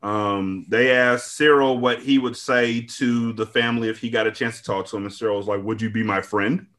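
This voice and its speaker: A man's voice: mid-range voice, steady tone, fairly bright tone. Male podcast host, mid-range voice, loose, profane storyteller recapping episodes. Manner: profane, laid-back storytelling with quick asides.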